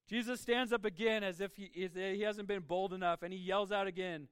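A man preaching a sermon as pastor, emphatic, with his voice swinging between soft and loud. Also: high voice, a little slow, clear, resonant tone, dry recording.

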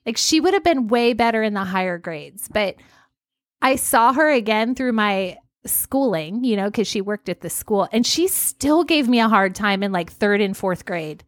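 A woman in her forties co-hosting a podcast, telling a story in an animated way and laughing often. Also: mid-range voice, normal speed, no echo, studio quality. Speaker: podcast co-host. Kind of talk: casual chat.

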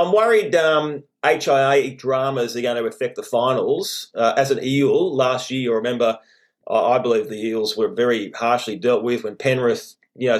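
An Australian man co-hosting a casual rugby league chat, steadily leading the discussion and teasing his co-host. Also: medium pitch. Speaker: podcast co-host.

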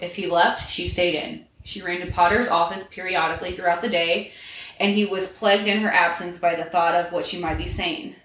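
A woman podcast host reading fan fiction aloud in a steady, plain way. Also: lowish voice. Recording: roomy echo, faint noise.

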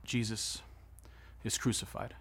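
A man preaching a sermon, retelling a story with swings between hushed, solemn passages and excited, rising ones. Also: on the low side, a little slow, vocal fry, husky. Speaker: pastor.

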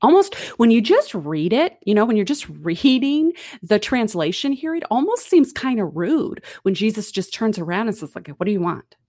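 A woman's voice: a little high, big pitch swings, moderate pace, hardly any pauses, a little mellow, dry recording, studio quality. A middle-aged woman giving a conversational, earnest Bible teaching with casual asides.

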